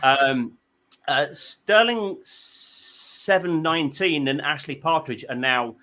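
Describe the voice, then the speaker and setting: A man's voice: fairly high pitch, slow pace, pushed and bright. A man hosting a comedy panel show, telling rambling self-deprecating stories full of stammered restarts.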